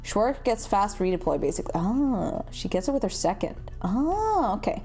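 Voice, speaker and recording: Animated, self-deprecating young woman streamer. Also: medium pitch, moderate pace, soft background music. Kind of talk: casual livestream chat.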